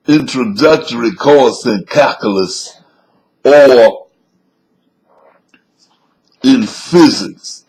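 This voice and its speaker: A man's voice: medium pitch, a little mellow, poor audio. A man voicing a cocky, streetwise man with a Southern American dialect, playfully swaggering while explaining physics on a webcam mic.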